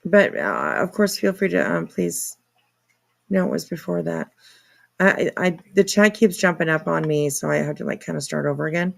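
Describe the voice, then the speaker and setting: Gravelly-voiced woman hosting a livestream. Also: deep voice, sing-song, normal speed. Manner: chatty, apologetic, reacting to chat comments; swears casually. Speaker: livestream host. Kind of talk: casual livestream chat.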